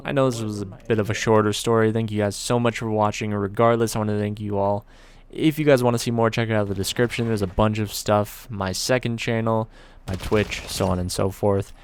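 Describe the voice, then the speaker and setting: A young man spinning a casual story to his viewers, loose and conversational with the odd swear word. His voice is low-pitched and noticeably gravelly, with a laid-back delivery. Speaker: storyteller, video creator.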